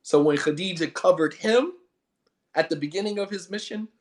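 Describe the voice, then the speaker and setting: A man's voice: high-pitched, moderate pace. A man delivering a fired-up sermon. He talks bluntly and with heavy emphasis, hammering each point by repeating it. He often laughs between lines. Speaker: Islamic preacher. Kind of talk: impassioned sermon.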